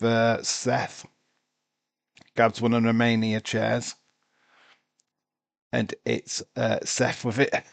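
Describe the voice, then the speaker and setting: Tired guy with a slow, low drawl, muttering live wrestling commentary to himself. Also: gravelly, slightly rough, no room sound. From United Kingdom. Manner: rambling, talks to himself. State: sleepy, tired. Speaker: watch-along streamer.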